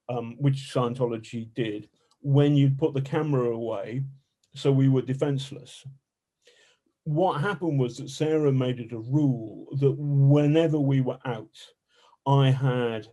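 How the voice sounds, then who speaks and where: A man, an investigative journalist, telling stories in a colorful, animated way as a podcast guest and swearing freely. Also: medium pitch. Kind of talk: casual storytelling interview.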